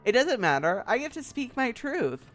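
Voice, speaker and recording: A woman's voice: on the high side, very animated, moderate pace. Earnest rambling streamer woman. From Southern United States. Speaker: VTuber streamer. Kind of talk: casual personal stream talk.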